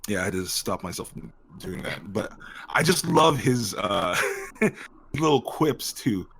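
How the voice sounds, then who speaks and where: A man's voice: on the low side, sing-song, unhurried, creaky, fairly bright tone. A man being interviewed as an actor guest, talking in a rambling, casual way with many fillers and frequent laughter.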